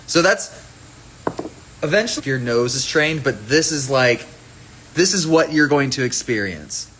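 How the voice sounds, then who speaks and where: A man's voice: mid-range voice, expressive, a little slow, a bit bright, a little hiss or hum, poor audio. A man chatting casually on a phone livestream about his own fragrance, rambling and playful as he jumps between topics.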